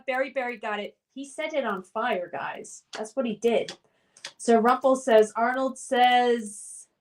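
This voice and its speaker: Chatty higher-pitched woman streamer. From United States. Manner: chatty, reads chat names then responds. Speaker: streamer hosting a trivia game. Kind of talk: casual livestream chat reading viewer comments aloud.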